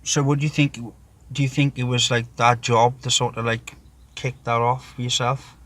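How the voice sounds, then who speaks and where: Man gently asking interview questions. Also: mid-range voice, flat delivery, normal speed. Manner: friendly, supportive, asks gently. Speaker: interview host. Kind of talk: casual interview.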